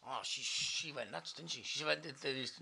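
A man's voice: fairly high pitch, normal speed, vocal fry, bright, forceful tone, slight background noise. A man telling crude stories in casual chat, laughing as he goes.

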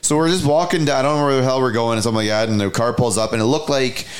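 A man's voice: mid-range voice, very fast. A man co-hosting a podcast, telling a story in a loose, offhand way. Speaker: podcast co-host. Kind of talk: casual chat.

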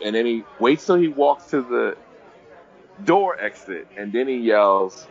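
A man co-hosting a casual podcast chat, telling a story with lively acted-out quotes. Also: mid-range voice, measured pace, a faint crowd. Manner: animated storyteller, acts out the people in his stories. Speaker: podcast co-host. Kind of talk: casual bar-table chat. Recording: dull lo-fi podcast audio.

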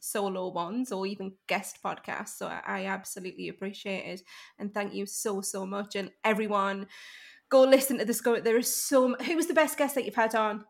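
A woman's voice: mid-range voice, moderate pace, gravelly. A woman with a Geordie accent from North East England, hosting a podcast interview in a chatty, easy way and laughing often. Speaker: podcast host. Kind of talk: casual interview chat.

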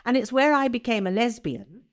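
An older woman with an upper-class English accent and very precise, crisp diction, talking as an interview guest. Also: on the high side, fairly quick. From England. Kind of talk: conversational interview.

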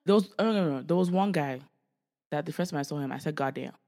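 Animated woman in her twenties telling stories. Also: low-pitched, fast. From Canada. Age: 20s. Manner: animated storytelling, swearing freely, acting out quoted family members. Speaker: podcast co-host. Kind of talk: casual chat.

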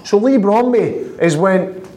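A man's voice: high-pitched, takes it slowly. Laughing Scottish man telling stories. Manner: lively, laughing, fond of the repeated "I says". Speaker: interview guest, footballer. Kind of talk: anecdotal storytelling.

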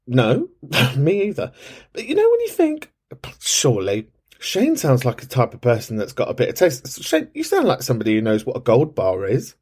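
A man's voice: huge pitch swings, normal speed, slightly rough. A man hosting a podcast, chatting casually and cheekily in response to listeners' voice notes, camp and sweary. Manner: camp, cheeky and sweary, with big swoops in pitch. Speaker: podcast host.

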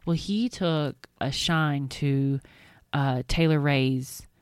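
A woman's voice: low-pitched, fairly even intonation, slow, clear, resonant tone, no echo, clean studio sound. A woman co-hosting a podcast in casual chat, a chatty, rambling storyteller who swears casually. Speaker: podcast co-host.

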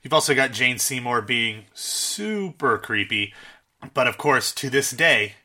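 A man's voice: medium pitch, lively intonation, measured pace, bright, forceful tone. A man co-hosting a casual talk show, enthusiastically running through his favorite comedy films. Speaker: podcast co-host.

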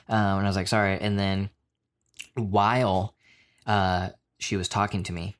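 A man's voice: on the low side, fairly even intonation, moderate pace. A man casually telling a travel story, full of fillers and restarts, acting out quoted voices along the way. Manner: rambling, many fillers, acts out quotes. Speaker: storyteller in a podcast chat. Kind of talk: casual chat.

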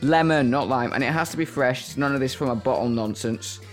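A man's voice: mid-range voice, brisk, faint music behind. A man co-hosting a podcast, chatting casually and explaining a cocktail recipe while mixing it in his kitchen, a little hungover. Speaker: podcast co-host. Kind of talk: casual chat. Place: home kitchen.

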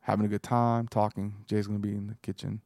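A man's voice: lowish voice, level tone, fast, gravelly, a little mellow, no echo, studio quality. Rambling, joking male podcast host. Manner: rambling, joking, lots of fillers. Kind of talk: casual podcast chat.

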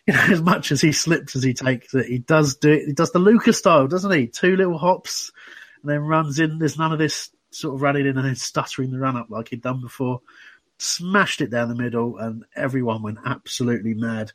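A man's voice: mid-range voice, a little fast, no echo. A man hosting a casual fan podcast, chatty and full of restarts. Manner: chatty, many restarts and "you know"s. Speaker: podcast host.

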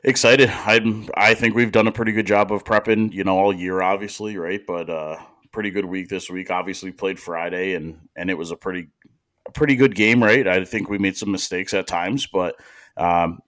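A man with a very low voice co-hosting a podcast, relaxed and thinking out loud. He teases his partner easily. The recording is close and dry. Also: normal speed, no echo. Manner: relaxed, teasing, thinks aloud with fillers. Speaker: podcast co-host and coach. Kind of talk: casual chat.

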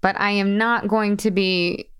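A woman's voice: mid-range voice, flat delivery, measured pace, a bit bright, smooth. A woman in her thirties hosting a solo podcast, talking as a weight-loss coach in a bubbly, chatty way. She laughs often and acts out the voices she quotes.

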